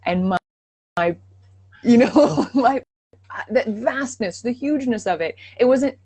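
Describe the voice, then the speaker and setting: A woman guesting on a live-stream Q&A, telling stories with animated enthusiasm. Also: on the high side, measured pace, husky, no room sound. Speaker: guest, dialect coach.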